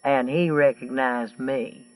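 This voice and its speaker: A man's voice: medium pitch, steady tone, slow pace, natural voice. List: drawling tough woman trucker put on by a male narrator, twangy, profane, blunt, distant mic. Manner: blunt, profane, matter-of-fact.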